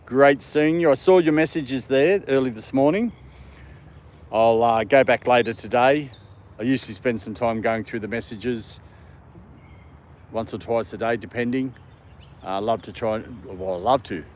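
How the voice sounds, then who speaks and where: A man's voice: medium pitch, moderate pace, a little mellow, slight background noise. Chatty Australian man at a dog park. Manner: chatty, reads out and answers viewer comments, talks to his dog. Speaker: livestream host. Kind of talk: casual livestream chat.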